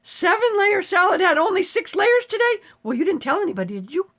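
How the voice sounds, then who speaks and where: High-voiced woman in her seventies, salty and chatty. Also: sing-song, brisk, a bit bright. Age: 70s. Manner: chatty, salty, swears casually. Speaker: host of a live stream. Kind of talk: casual live-stream chat reading viewer comments.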